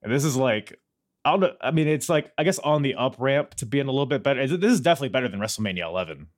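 A man hosting a podcast, chatting casually and joking in a rambling way. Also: very fast. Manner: joking, rambling, lively pitch. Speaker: podcast host.

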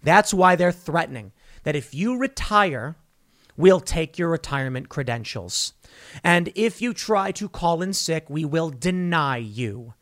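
A man's voice: fairly high pitch, lively intonation, fairly bright tone. A man hosting a podcast, delivering a heated, opinionated monologue with a sarcastic, mocking tone. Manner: rushes through read-out news text. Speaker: podcast host.

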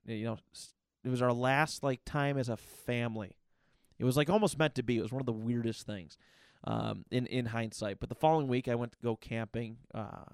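Male podcast host, gravelly, dry close sound, rambling and candid. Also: mid-range voice, no echo. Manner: rambling, with frequent restarts and fillers; candid and reflective. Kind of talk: casual personal monologue.

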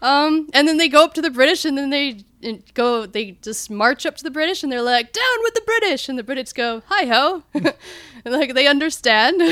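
A woman's voice: high-pitched, moderate pace, a bit bright, no echo. A woman co-hosting a podcast, casually arguing about a film with strong opinions and retelling scenes with animation. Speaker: podcast co-host.

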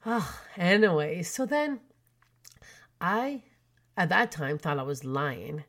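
A woman in her forties from Canada, telling personal stories in a chatty, animated way with many fillers. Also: fairly low pitch, takes it slowly. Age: 40s. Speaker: podcast host. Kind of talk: storytelling chat.

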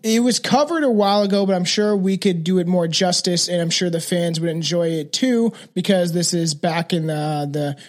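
A man's voice: high voice, normal speed, few pauses. A man hosting a true crime podcast, talking casually and rambling, with many restarts. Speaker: podcast host.

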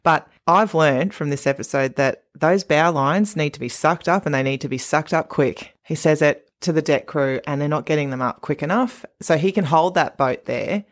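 Woman co-host, low voice, chatty recap talker who laughs often. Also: moderate pace, hardly any pauses. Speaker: podcast co-host. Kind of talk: casual recap chat.

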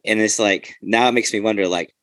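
A man's voice: on the low side, fairly even intonation, a little fast, fairly bright tone, no echo. A man, a police officer and podcast host, telling loose, profane stories in casual chat.

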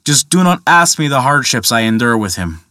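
A man's voice: medium pitch, very animated, brisk, bright, forceful tone, no room sound, clean studio sound. A man voicing a tired male horse, resigned to hardship, in a fable. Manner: resigned, rueful.

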